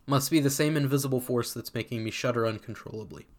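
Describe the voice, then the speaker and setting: A man's voice: medium pitch, quick pace. A man reading a first-person story aloud in a casual, sardonic voice that swears freely. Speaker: community reader.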